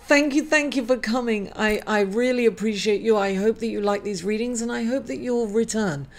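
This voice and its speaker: A middle-aged woman hosting a casual weekly astrology reading, grieving, halting and apologetic, with many fillers and self-corrections. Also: fairly high pitch, darkish tone. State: grieving, emotional. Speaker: astrology reader and channel host.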